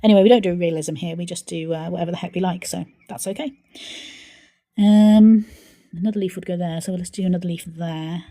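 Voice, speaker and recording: A woman hosting a live painting stream, chatting playfully to herself as she works and sometimes dropping to a soft mutter. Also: lowish voice, steady tone, fairly quick. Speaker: art channel host.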